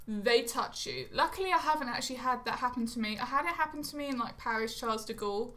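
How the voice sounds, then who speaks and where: A young Englishwoman talking straight into a camera held close, in a bright, forward voice pitched a little high. She rambles, goes off on tangents, mocks herself and swears casually. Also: fast, hardly any pauses. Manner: chatty, rambling, swears casually, self-mocking. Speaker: vlogger. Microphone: phone or camera close to her face.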